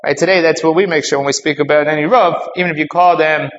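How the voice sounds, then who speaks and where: A man with a slightly high voice teaches a Talmud class, explaining each point step by step and weaving in Hebrew and Aramaic terms. The audio is dull and roomy, with faint ambient noise behind him. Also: steady tone, fast.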